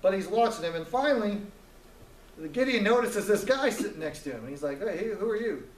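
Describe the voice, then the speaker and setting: A man's voice: high voice, big pitch swings, fairly quick, echoey room, distant mic, rough recording. A man teaching a Bible story in a casual, joking way, acting out the characters' lines as he retells it.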